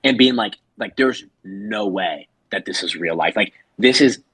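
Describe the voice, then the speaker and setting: A man tells a story on a podcast in a lively, swooping voice, full of laughs. His tone is slightly husky and the sound is dry and close. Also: on the low side, measured pace, no echo. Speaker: podcast co-host. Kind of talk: casual storytelling.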